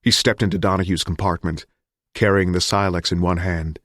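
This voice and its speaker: A man reading a thriller audiobook in a measured, grim narration. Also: low voice, fairly even intonation, fairly bright tone, no echo, studio quality.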